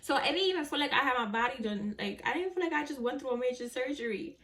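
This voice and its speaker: A woman's voice: high-pitched, expressive, quick pace, fairly bright tone, recorded from a distance. A young woman vlogger casually telling a personal story to camera, with lots of "like" and some swearing. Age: young adult. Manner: chatty, lots of "like" and swearing, talks to viewers as friends.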